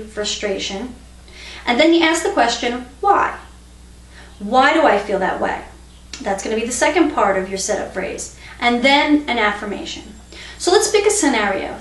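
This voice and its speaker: Woman teaching in an echoey room. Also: fairly high pitch. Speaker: EFT instructor. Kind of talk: instructional explanation with demonstration phrases. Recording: echoey room, mic at a distance.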